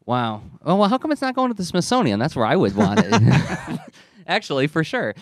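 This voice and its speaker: A man's voice: high-pitched, sing-song, gravelly, no echo. Man hosting a podcast, dry sound. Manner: laughs along, quick reactions. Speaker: podcast host. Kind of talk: casual chat.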